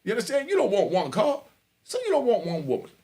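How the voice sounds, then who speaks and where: Man, middle-aged, New York accent, gravelly, slightly high, rambling storyteller. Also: quick pace. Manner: animated, rambling, full of "you know what I mean". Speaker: host telling prison stories. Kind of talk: casual storytelling monologue.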